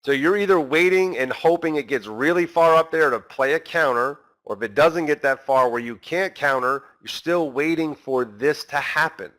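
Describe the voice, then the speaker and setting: A man's voice: fairly high pitch, normal speed, hardly any pauses, a bit bright. A man teaching a trading session in a conversational way, peppering his points with tag questions and acting out frustrated traders. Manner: conversational, constant tag questions like right and okay; acts out frustrated traders' inner voices. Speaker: trading instructor.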